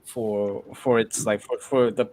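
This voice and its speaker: A man's voice: on the low side, flat delivery, darkish tone. A man hosting a model-building stream, talking in a casual, rambling way with frequent restarts. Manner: rambling, halting, many restarts. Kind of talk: casual chat.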